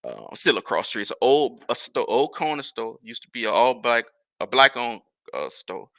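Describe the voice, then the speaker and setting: A man's voice: mid-range voice, big pitch swings, normal speed, creaky, sharp tone, dry recording. A man, a podcast host telling a rambling, profane story in casual talk. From New Orleans.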